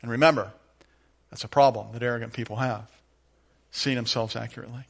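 A middle-aged man preaching a sermon as pastor, moving from quiet, conversational storytelling to emphatic, rising declarations. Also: medium pitch, steady tone, fairly quick, vocal fry, pauses often.

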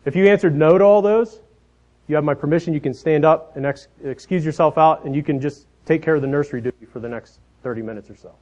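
A man in his thirties preaching a sermon, telling family stories in a folksy way, often dropping softer at the ends of his phrases. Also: a little high, fast talker. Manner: folksy storytelling, trailing off softly at phrase ends. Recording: dull lo-fi sound.

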